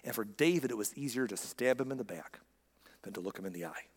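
A man's voice: mid-range voice, lively intonation, fast talker, slightly rough, in a large hall. A man preaching a sermon in a conversational, emphatic way, full of rhetorical questions. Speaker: pastor.

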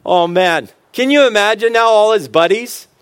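A middle-aged man with a somewhat high voice gives a humorous motivational talk to fellow dads. He jokes, tells stories and drops into earnest asides. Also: moderate pace, fairly bright tone, clean tone. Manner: joking, storytelling, earnest asides. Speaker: speaker on fatherhood.

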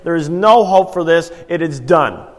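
Man, pastor, conversational sermon, rhetorical questions, somewhat high voice, long hall reverb. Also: lively intonation, moderate pace.

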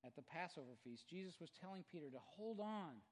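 A male pastor preaches with rising passion, his voice sitting a little high for a man and often swelling toward a shout. The sound rings with a long reverb from a church sanctuary. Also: expressive, brisk. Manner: impassioned, building to near shouts. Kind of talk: sermon.

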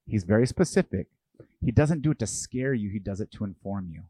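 A man's voice: fairly low pitch, animated, brisk, warm tone, no room sound. A man preaching a sermon as pastor. He asks his listeners questions and acts out the voices of the people he quotes.

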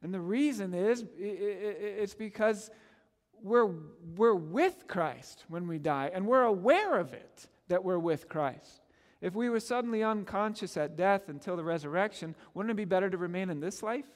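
A man preaching a sermon as pastor, earnest and animated, often stammering on repeated words as he pushes a point. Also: sits high, moderate pace, long reverb tail.

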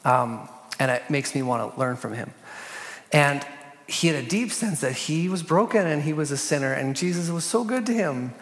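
A man leading a church panel discussion, earnest, reading prayers slowly and softly. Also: mid-range voice. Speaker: pastor. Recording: long hall reverb.

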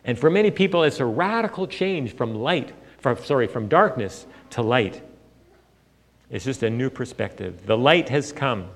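A man's voice: mid-range voice, animated, moderate pace. A man preaching a sermon in a conversational, storytelling way, with frequent fillers. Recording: long hall reverb.

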